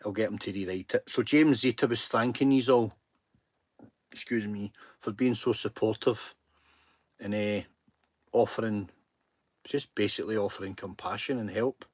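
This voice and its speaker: A man's voice: on the low side, normal speed, long pauses, darkish tone, no room sound. Earnest Scottish man hosting a livestream. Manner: earnest and self-deprecating, chatty. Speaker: livestream host. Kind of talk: casual live-stream chat.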